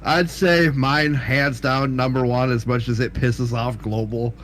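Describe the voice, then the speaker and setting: A man's voice: medium pitch, fairly even intonation, a little slow, fairly bright tone. A man co-hosting a casual podcast, talking in a mid-range voice. He teases and needles his friends, swearing freely as he goes. A faint background hiss sits under his voice. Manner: teasing, swearing. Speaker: podcast co-host. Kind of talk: casual chat.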